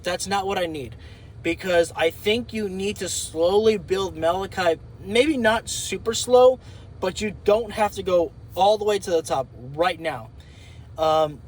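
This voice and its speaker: Man, high voice, casual opinion vlog, rambling, thinking aloud. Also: low-quality recording. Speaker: wrestling commentator.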